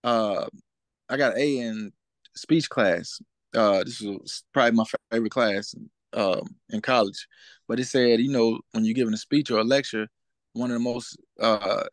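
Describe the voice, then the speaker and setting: A man's voice: mid-range voice, no room sound. A young man as a guest in a casual interview, talking in a laid-back way and often asking "you know what I'm saying?".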